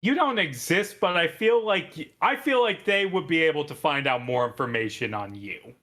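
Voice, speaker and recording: A man's voice: fairly high pitch, animated, moderate pace, bright, forceful tone. A man running a tabletop game as dungeon master, rambling with lots of fillers and casual swearing.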